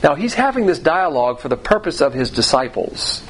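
A man's voice: fairly high pitch, big pitch swings, a little fast, fairly bright tone, a little hiss or hum, low-quality recording. Man teaching Bible verses, chatty. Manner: conversational, repeats phrases, restarts sentences.

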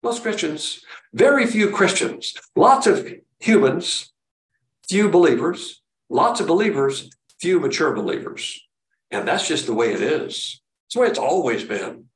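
A man's voice: fairly high pitch, sing-song, a little slow. A man preaching a sermon in a plainspoken way, firing off rhetorical questions and acting out quotes. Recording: roomy echo, distant mic.

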